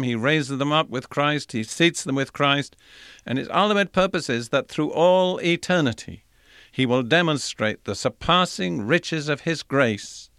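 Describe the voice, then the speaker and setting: A man's voice: on the high side, a bit bright, smooth, no room sound. Earnest man teaching scripture, dry sound. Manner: earnest, measured, reads scripture aloud. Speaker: Bible teacher. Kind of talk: recorded sermon teaching.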